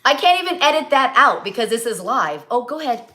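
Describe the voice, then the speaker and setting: Her voice is a little high, very animated, brisk, and sharp-toned. This middle-aged cookbook author hosts a live cooking stream in casual chat, rambling with frequent fillers and asides.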